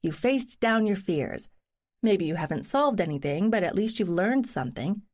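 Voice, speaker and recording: A woman's voice: medium pitch, expressive, moderate pace, darkish tone, lightly acted. A woman reading a timid young heroine. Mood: self-encouraging. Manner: timid, self-talking.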